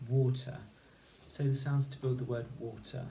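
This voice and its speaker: A man teaching a recorded phonics lesson, sounding out words slowly and clearly, one sound at a time. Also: medium pitch, steady tone, mellow, slight background noise. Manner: slow, clear, patient instruction with sound-by-sound segmenting. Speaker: primary school teacher.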